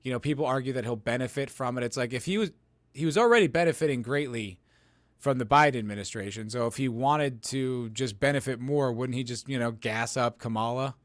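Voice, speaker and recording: A man's voice: mid-range voice, a little fast, dry recording, studio quality. A man hosting a podcast, rambling in casual political commentary and answering chat comments, full of "like" and "you know". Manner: reads viewer chat comments and answers them. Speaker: podcast host.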